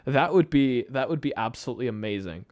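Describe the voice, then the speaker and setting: A man's voice: mid-range voice, expressive, fast, darkish tone, no room sound. A tired man hosting a late-night live stream, chatting to his viewers in a rambling way with frequent laughs and restarts. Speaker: YouTube channel host. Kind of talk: casual live-stream chat.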